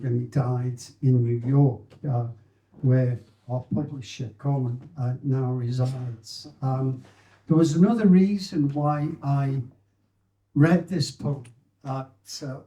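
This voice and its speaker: An older man talks a live audience into a poem, taking his time and dropping wry asides. His voice is mellow and middle-pitched. The room around him is echoey. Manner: unhurried, halting, wry asides. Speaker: poetry reader at a live book event. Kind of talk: informal spoken introduction to a poem. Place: live event venue with audience.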